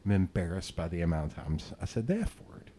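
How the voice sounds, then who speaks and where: A man's voice: low-pitched, quick pace, dark tone, breathy edge. A man hosting a podcast, telling rambling, self-deprecating stories in casual chat and swearing freely. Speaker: podcast host.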